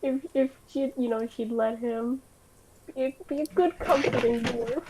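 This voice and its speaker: High-voiced giggly woman player. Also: fairly even intonation, a little slow, heavy background noise. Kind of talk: casual tabletop game chat.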